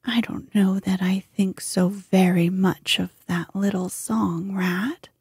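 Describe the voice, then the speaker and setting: Woman whispering as a careful little mole guy, whispered role-play, breathy and mellow, dry. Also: mid-range voice, expressive, slow pace, no room sound, heavily acted. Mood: gentle. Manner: cautious and soothing. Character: mild, cautious, candid little male mole.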